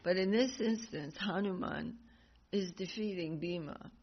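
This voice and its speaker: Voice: mid-range voice, a little slow, breathy edge. A speaker teaching a devotional class, telling stories in a rambling, chatty way with frequent laughs and self-corrections. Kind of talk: casual storytelling in a devotional class. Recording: dull lo-fi class recording with faint noise.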